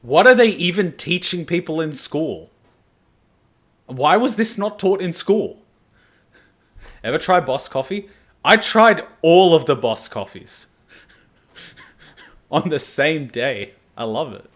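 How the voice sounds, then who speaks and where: A man's voice: on the high side, slow, long pauses. Chatty man reacting to anime. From Australia. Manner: chatty, animated storytelling with jokey asides. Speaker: anime reaction channel host. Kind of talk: casual reaction commentary.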